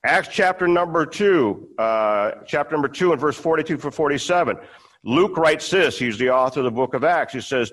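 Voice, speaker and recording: Male pastor, somewhat high-pitched, casual sermon delivery, reads and explains scripture with restarts. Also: a bit bright, poor audio.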